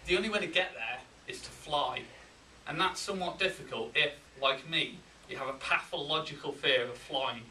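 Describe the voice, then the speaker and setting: A man with a Yorkshire accent giving a humorous contest speech, with deadpan timing and pauses for laughs. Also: a little high, a little hiss or hum. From England. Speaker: contest speaker. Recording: roomy hall, mic from a distance.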